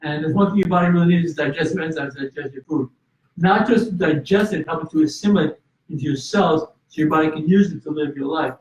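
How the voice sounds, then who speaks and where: A man on the high side talks fast while sharing a personal story as an interview guest. He's earnest, stumbling into restarts and fillers, and the recording comes across roomy, distant, and slightly dull.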